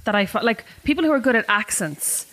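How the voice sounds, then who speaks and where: Irish woman hosting a podcast, talks really fast, animated funny stories. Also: fairly high pitch. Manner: animated storyteller, self-deprecating. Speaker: podcast host. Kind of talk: casual chat.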